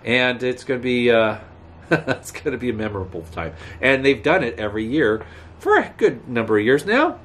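A man's voice: medium pitch, big pitch swings, moderate pace, fairly bright tone. A man vlogging outdoors by a road, rambling casually to camera with chuckles. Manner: rambling, chatty, chuckling, talks back to passing traffic. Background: faint outdoor ambience, passing cars.

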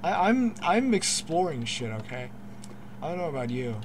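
A young man hosting a casual gameplay commentary, excitable, swearing often, laughing and stammering through restarts. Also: a little high, normal speed, a little hiss or hum. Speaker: gaming channel host.

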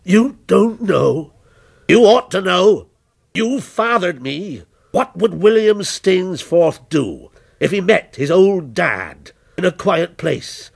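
A man voicing a menacing male visitor, a criminal former policeman, in a taunting, slow and deliberate way, in a dramatic story reading. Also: high-pitched, big pitch swings, gravelly, slightly rough, pitched above the performer's own voice, exaggerated voice.

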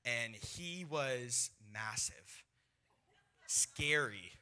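A young man preaching, telling a personal testimony in an animated storytelling way and acting out the voices of people in his story. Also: medium pitch, extremely slow, smooth. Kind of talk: sermon testimony.

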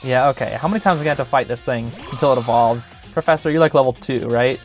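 A man's voice: mid-range voice, very fast, soft background music. A young man hosting a gaming channel, giving chatty, joking gameplay commentary full of filler words.

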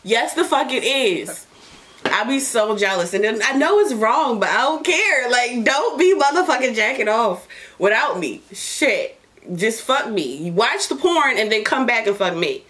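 A woman's voice: fairly high pitch, sing-song, normal speed, fairly bright tone. A woman hosting a casual podcast while smoking, talking bluntly and profanely, joking, with laughs and coughs. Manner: laughs and coughs between lines. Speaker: podcast host.

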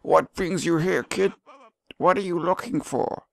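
A man voicing a slow, ominous old male cave guardian in a video game, with drawling, gloomy warnings. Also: on the high side, creaky, a bit bright, dry recording, voice pushed up. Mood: curious.

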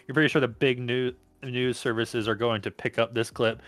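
Man reading a story game aloud, casual narration, middle pitch, dry close sound. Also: level tone, moderate pace, a bit bright, dry recording. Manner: reads along with stumbles and laughs.

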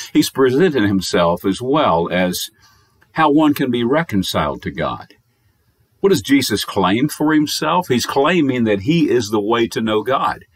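A man's voice: lowish voice, husky, no echo. A man with an American accent, a pastor giving a pre-recorded sermon, preaching with emphatic, repeated phrases and reading scripture in old-fashioned wording. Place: recorded message, dry sound.

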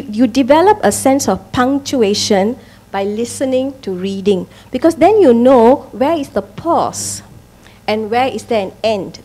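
A woman's voice: on the high side, mellow. A woman giving a public talk to parents, stressing points and often checking in with "all right?". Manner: emphatic, frequent "all right?" check-ins. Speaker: speaker at a parents' education talk.

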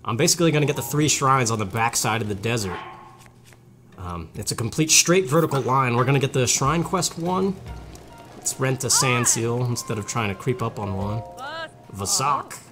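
A man talks through a video game in a loose, rambling way, cracking jokes and laughing them off at his own expense. His voice sits at an ordinary middle pitch, with faint game music underneath. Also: expressive, moderate pace. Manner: jokey, rambling, self-mocking. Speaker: gaming channel host. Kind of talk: casual gameplay commentary.

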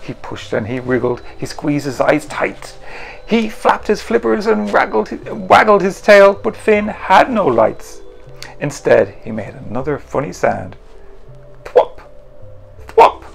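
Slow, animated man reading a storybook. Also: on the high side, gravelly, faint music behind. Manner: animated and playful, adds sound effects. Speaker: author reading his picture book.

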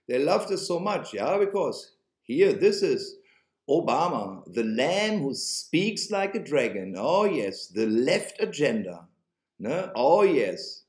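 A man with a German accent rants to camera like a preacher. He is sarcastic and emphatic and repeats his points. His pitch swoops widely, and the echoey room gives his voice a roomy ring. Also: big pitch swings, slow, a little mellow. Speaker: online religious video host.

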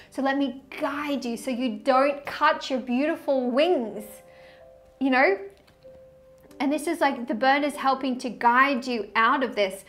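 Woman, high bright-pitched tarot vlogger, effusive, rambling, laughs a lot. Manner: chatty, effusive, laughs often, trails off mid-sentence. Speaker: tarot reader. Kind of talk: casual tarot reading to camera.

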